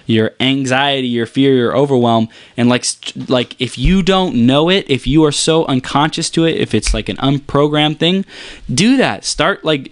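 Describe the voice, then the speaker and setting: A man giving a motivational talk about silence and pacing, using deliberate pauses and shifting his pace and softness to demonstrate. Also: medium pitch, no room sound.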